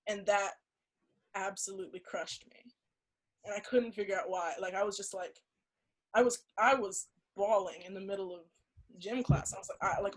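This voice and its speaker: On a low-quality recording, a medium-pitched young woman chats casually as a podcast guest. Her earnest storytelling is halting, full of frequent restarts and "like" fillers.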